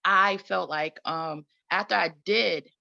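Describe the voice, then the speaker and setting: Gravelly, bright-toned woman guest. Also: fairly low pitch, slow, highs cut off. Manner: repetitive, emphatic, laughs often. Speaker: guest, trauma recovery coach and community founder. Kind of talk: conversational interview.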